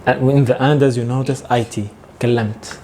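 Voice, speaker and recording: A man leads a casual language lesson in a warm, mellow voice. He talks in a relaxed, halting way, full of fillers and light chuckles. Faint noise sits under the recording. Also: medium pitch. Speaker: Tunisian Arabic teacher.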